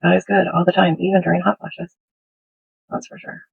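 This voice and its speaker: A middle-aged woman chats her way through a craft-with-me video, rambling easily between topics. Her voice is heavily gravelly with a husky, breathy edge. The phone audio sounds dull and lo-fi. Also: fairly low pitch, flat delivery, brisk. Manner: chatty and rambling, with soft laughs. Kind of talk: casual craft-with-me chat. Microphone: smartphone.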